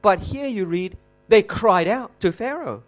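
Male preacher, fairly high voice, lively swooping delivery, emphatic and repetitive for effect. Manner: emphatic, slows and repeats for effect, rhetorical questions. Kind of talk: expository sermon.

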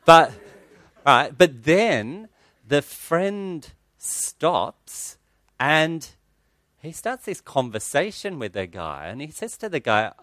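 A man's voice: on the high side, sing-song, takes it slowly, a bit bright, no echo. A male pastor, giving an earnest, conversational sermon in a church that includes a personal story.

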